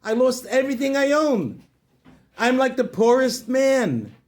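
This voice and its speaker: A man's voice: a little high, animated, normal speed, natural voice. A man voicing a distraught man who lost everything. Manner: distraught, pleading. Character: grief-stricken man who lost his fortune.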